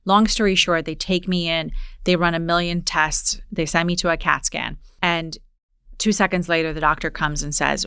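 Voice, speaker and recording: A woman's voice: on the low side, moderate pace, clean tone, no room sound, studio quality. A woman in her forties from Poland, hosting a podcast and telling a personal story in casual conversation. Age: 40s. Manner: storytelling, animated retelling. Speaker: podcast host.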